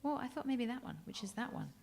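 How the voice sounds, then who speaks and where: A woman's voice: fairly high pitch, fast talker, creaky, darkish tone. A woman from England, a jazz singer chatting and joking with the audience between songs on a club stage.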